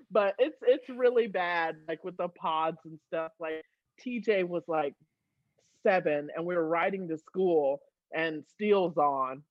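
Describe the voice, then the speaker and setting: A woman in her thirties, a guest on a podcast, telling a story with lots of laughter and high excited squeals. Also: takes it slowly, no room sound, poor audio. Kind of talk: casual storytelling.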